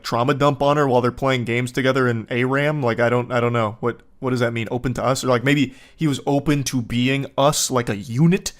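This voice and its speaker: Sarcastic man doing reaction commentary. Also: medium pitch. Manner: sarcastic, swearing, mocking reads of quoted texts. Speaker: commentary host. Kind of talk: reaction commentary reading texts aloud.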